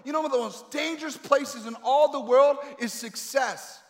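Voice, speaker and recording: A man preaching a sermon with emphatic delivery and dramatic pauses, swinging between loud calls and quiet asides. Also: extremely high pitch. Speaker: pastor. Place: large echoey hall. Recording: echoey hall with long reverb.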